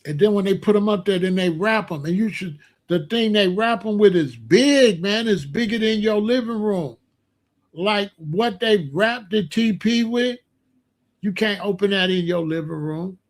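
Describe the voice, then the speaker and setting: A man hosting a podcast, telling a story in a casual, animated and slangy way. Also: high voice, a little slow. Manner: animated, slangy, explains with gestures. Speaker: podcast host.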